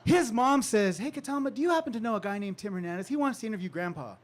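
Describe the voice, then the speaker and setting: A man with a high voice tells a story to a live audience. He is animated and laughs often, and he jumps into the voices of the people he quotes. He grew up in California. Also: quick pace. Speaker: author giving a talk.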